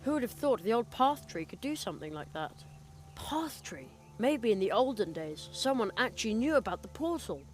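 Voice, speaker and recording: A woman's voice: fairly high pitch, big pitch swings, fairly quick, hardly any pauses, a little hiss or hum. A woman voicing a curious, polite young boy apprentice magician in a video game, speaking with earnest wonder.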